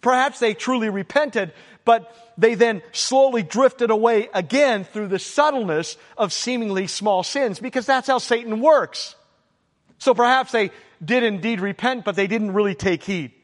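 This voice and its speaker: Man, pastor, sermon, high voice, emphatic, long hall reverb. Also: moderate pace. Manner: emphatic, repeating exhortations.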